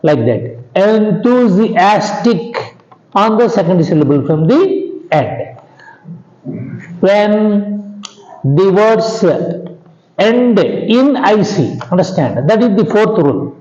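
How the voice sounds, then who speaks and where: Male grammar teacher, unhurried and repetitive, roomy muffled recording. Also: high-pitched, sing-song, warm tone. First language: Telugu. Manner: slow, repetitive, keeps asking "understand?". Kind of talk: classroom lecture. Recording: echoey room, dull lo-fi sound.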